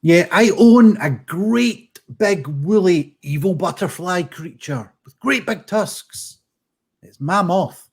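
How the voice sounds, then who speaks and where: A man's voice: high voice, animated, slow pace, husky. A Scottish man from Scotland telling puns on a video call, self-deprecating and swearing casually. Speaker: comedy guest.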